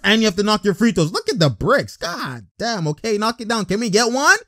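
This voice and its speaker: Excitable young man in a dry room. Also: high voice, a little fast, no room sound. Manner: excitable, laughing, slangy and blunt. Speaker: basketball reaction commentator. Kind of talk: casual reaction commentary.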